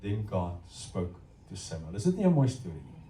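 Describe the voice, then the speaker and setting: Animated South African preacher in an echoey hall. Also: male voice, deep voice, brisk, distant mic. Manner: animated storytelling, addressing the congregation directly. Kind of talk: sermon. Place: church hall.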